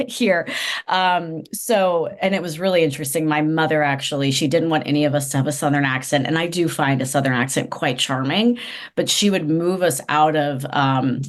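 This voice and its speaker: A woman guest in a conversational interview, talking in a reflective, earnest way with frequent restarts. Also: sits low. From United States. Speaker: interview guest, nonprofit CEO.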